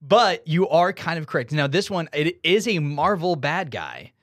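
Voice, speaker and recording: A man's voice: a little high, moderate pace, dry recording, studio quality. A man co-hosting a podcast in casual chat, teasing as he quizzes his co-host. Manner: teasing, animated quiz-giver.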